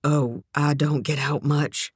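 A woman voicing a shy, polite eighteen-year-old young man in a low, quiet voice. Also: steady tone, slow pace, slightly rough, dry recording, full character voice.

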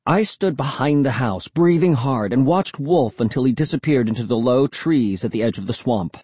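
Husky guy reading an audiobook, lively up and down voice, dry close sound. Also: medium pitch, normal speed, no room sound. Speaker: audiobook narrator. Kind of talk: first-person storybook narration.

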